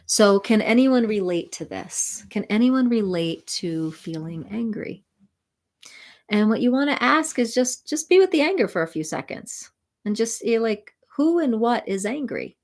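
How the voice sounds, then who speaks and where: A woman spiritual mentor and sound healer, talking gently and soothingly to viewers of a live stream. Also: a little high, sing-song, unhurried.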